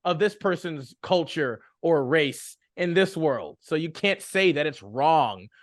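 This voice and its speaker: A young man with a fairly high voice talks in a loose, rambling way, looping through fillers and false starts. The sound is close and dry, with no room in it. He co-hosts a casual chat about running games. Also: expressive, slow pace, no echo. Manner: rambling, many fillers and restarts. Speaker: podcast co-host.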